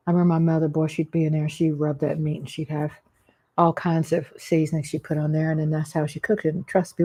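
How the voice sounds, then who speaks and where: A woman's voice: deep voice, warm tone. A middle-aged woman chatting casually about family cooking while eating, rambling and homey, with frequent restarts. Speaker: food vlogger. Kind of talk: casual mukbang chat. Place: home, eating at a table.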